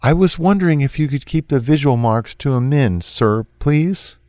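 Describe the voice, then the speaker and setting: A man's voice: medium pitch, expressive, normal speed, warm tone, dry recording, clean studio sound, voice pushed up, natural voice. A man voicing a frightened, submissive young woman with a timid, pleading, apologetic manner, in a read-aloud true crime story.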